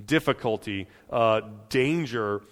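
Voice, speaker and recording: A man preaching a sermon in a conversational way, often restarting and adding quick "right?" asides. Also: mid-range voice, long reverb tail. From United States. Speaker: pastor.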